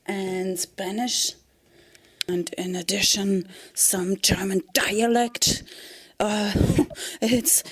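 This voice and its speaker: A woman giving a rambling comedic monologue in a halting way, often dropping into a whisper and breaking into giggles. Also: medium pitch. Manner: slow, halting delivery that drifts into whispers. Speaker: vlogger.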